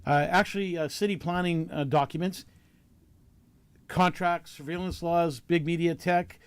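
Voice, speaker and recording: Speaking a little slowly with fairly even intonation, a Canadian talk show host poses earnest questions in a casual discussion, full of fillers and restarts. His voice is a little high and clean-toned, with no echo.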